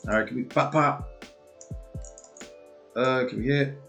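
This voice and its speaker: A man giving live commentary on his own game match, swearing often and swinging from low muttering to loud outbursts. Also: steady tone, unhurried, vocal fry, faint music behind. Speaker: gamer and video creator.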